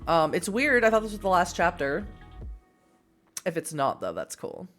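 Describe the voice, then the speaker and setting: A woman's voice: fairly low pitch, big pitch swings, moderate pace, fairly bright tone, faint music behind. A woman reading a text game aloud with playful, joking commentary and frequent laughs. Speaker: streamer playing a text game.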